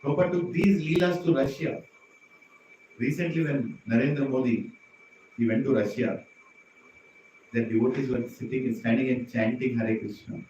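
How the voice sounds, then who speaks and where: A man preaching an animated devotional story sermon, often turning to the audience with questions. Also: mid-range voice, normal speed, long pauses, distant mic, slight background noise. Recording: echoey hall, mic from afar.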